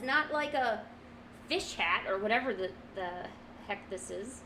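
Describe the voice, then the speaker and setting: A woman's voice: medium pitch, animated, measured pace, pushed and bright, a little hiss or hum, poor audio. A young woman chatting casually and laughing at herself while she draws, talking to her cat now and then. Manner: giggly, self-mocking, talks to her cat. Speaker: streamer drawing from memory. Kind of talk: casual chat while drawing.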